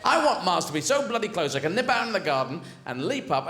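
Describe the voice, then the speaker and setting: A man doing stand-up comedy on a theatre stage, rambling and animated, with frequent swearing. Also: high voice, fast talker. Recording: echoey theatre with audience noise.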